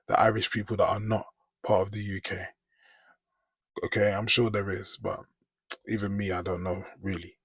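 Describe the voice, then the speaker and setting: A man's voice: mid-range voice, breathy edge, dry recording. A British man, chatting casually in a rambling reaction vlog. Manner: chatty, rambling, frequent "do you know what I mean". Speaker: vlogger.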